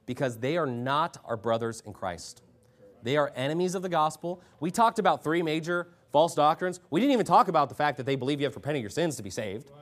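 A man preaching a sermon as pastor, forceful, rising loud when he reads scripture, and clearing his throat often. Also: a little high.

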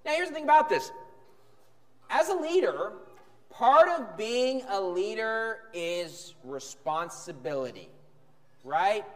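A high-pitched male pastor delivering a sermon with emphatic swings between sharp shouts and calm, low-key stretches. His voice rings through a church hall with a long, lingering reverb. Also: slow pace.

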